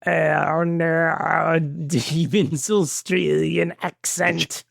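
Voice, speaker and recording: A man putting on the voice of a sinister old male galactic emperor, speaking slowly and low. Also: steady tone, vocal fry, a bit bright, no room sound, clean studio sound, exaggerated voice.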